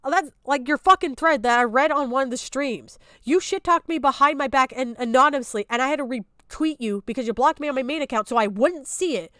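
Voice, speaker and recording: A young woman vents on her stream in a high, piercing voice, swearing freely and circling back to the same complaint. The sound is dry, with no room echo. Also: fairly quick, few pauses, fairly bright tone. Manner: heated, profane, repeating her points. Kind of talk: angry reaction rant.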